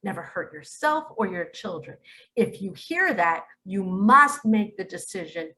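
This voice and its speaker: A woman speaking as a spiritual teacher in a religious monologue, emphatic, with sudden loud and hushed turns. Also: mid-range voice, sing-song, unhurried, low-quality recording.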